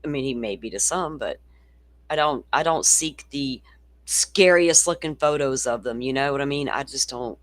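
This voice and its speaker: A woman's voice: extremely low pitch, moderate pace, dry recording. A woman with a Southern accent hosting a casual true-crime chat, blunt and salty, swearing freely. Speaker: host.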